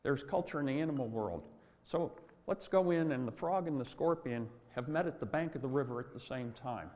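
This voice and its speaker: A man in his sixties gives a motivational talk at a conference. His delivery is folksy and anecdotal, at a mid pitch. His voice carries a long reverb from a large hall. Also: brisk, darkish tone. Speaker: conference speaker.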